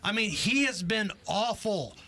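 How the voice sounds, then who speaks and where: A man's voice: sits high, lively intonation, a little slow, bright, forceful tone. A man co-hosting a political talk radio show, delivering sarcastic, emphatic rants to his co-host from a studio microphone.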